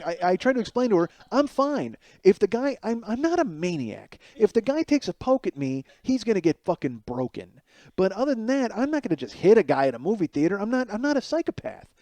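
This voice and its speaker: Man in his forties, podcast host; animated solo storyteller who swears freely and mocks himself. Slightly high, mellow voice, dry close sound. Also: dry recording. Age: 40s. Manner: animated, profane, self-mocking.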